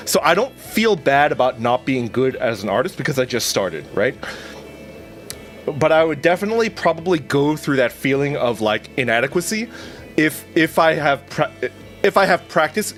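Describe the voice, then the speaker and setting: A man's voice: a little high, a bit bright. A man streaming as a VTuber, chatting casually with viewers in a rambling, self-deprecating way and restarting his sentences often. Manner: chats with viewers, reads out their names. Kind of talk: casual live-stream chat.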